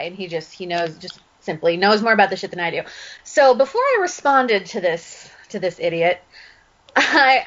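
A woman co-hosting a podcast, telling a story in a lively, laughing way. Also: medium pitch. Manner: animated storytelling with frequent laughs. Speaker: podcast co-host. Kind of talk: casual chat. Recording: dull lo-fi audio.

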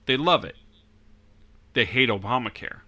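Bright-voiced, emphatic man. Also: mid-range voice, lively intonation, moderate pace, breathy edge. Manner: earnest, emphatic, mocks quoted politicians. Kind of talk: casual political chat.

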